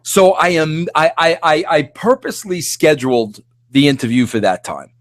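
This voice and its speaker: A middle-aged man hosting a podcast, ranting in a rambling, excitable way full of restarts and filler words. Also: fairly high pitch, moderate pace, dry recording. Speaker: podcast host. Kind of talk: animated solo rant.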